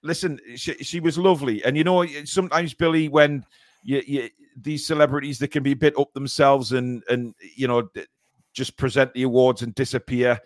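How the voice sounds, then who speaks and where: Steady and mid-range, the man's voice moves at normal speed in a dry studio recording. As co-host of a casual live-streamed football fan show, he hesitates often with ums and repeated words, seeming sore and slightly shaken.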